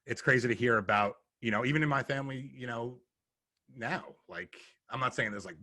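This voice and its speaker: Podcast guest, man; easygoing and rambling, bright forceful voice, dry close sound. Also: medium pitch, fairly quick, no room sound. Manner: easygoing, rambling, with lots of fillers. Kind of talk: casual chat.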